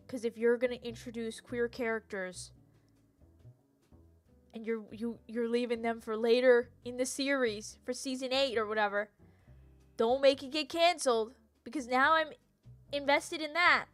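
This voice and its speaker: A young woman streamer chatting casually and ranting animatedly about TV shows, laughing and tripping over her words. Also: on the high side. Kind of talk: casual chat, live stream rant.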